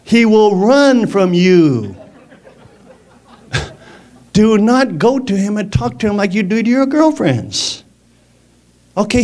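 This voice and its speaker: A man preaching a lively sermon in a conversational way, often laughing and asking the congregation questions. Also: high voice.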